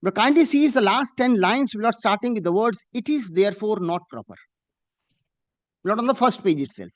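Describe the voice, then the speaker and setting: A man, arguing a case before a judge in a courtroom, deferential and emphatic, slowing down to read judgments aloud. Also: high voice, lively intonation. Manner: deferential, addressing the bench as "my lord" again and again; slow and emphatic when reading out judgments. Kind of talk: formal courtroom argument.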